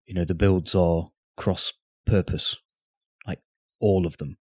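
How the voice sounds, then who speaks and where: A man's voice: low-pitched, fairly even intonation, takes it slowly, darkish tone, no echo. A man co-hosting a podcast, chatting in an easygoing way with teasing banter. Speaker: podcast co-host. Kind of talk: casual chat over drinks.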